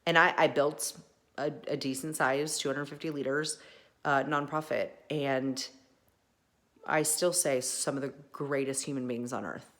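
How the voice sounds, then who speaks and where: A woman talking in an impassioned personal monologue, emphatic and folksy, often restarting and swinging between loud and soft. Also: rumbling low, fairly even intonation, measured pace. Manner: folksy mild swearing. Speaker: podcast host.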